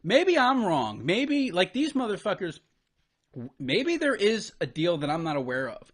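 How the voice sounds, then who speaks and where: Pitch swooping wildly in a high register, this man vents profanely about a debate clip, talking over the paused video in exasperated disbelief.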